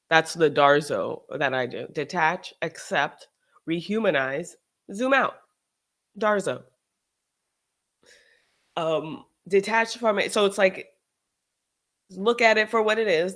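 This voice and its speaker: Animated sarcastic streamer, mid-pitched voice. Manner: animated, sarcastic, shifts into mocking quoted voices; restarts and trails off mid-sentence. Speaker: host. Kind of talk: casual livestream chat.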